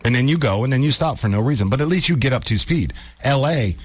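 Husky and medium-pitched, a man talks quickly with no echo as he hosts a radio talk show. He chats casually from the studio, an animated storyteller who repeats words for comedic effect.

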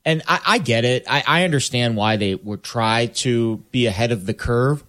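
A man of middle pitch talking sports on a panel. He rambles, restarts and reaches for homey comparisons to make his point. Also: normal speed, fairly bright tone. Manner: rambling, fond of homespun comparisons. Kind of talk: casual sports debate.

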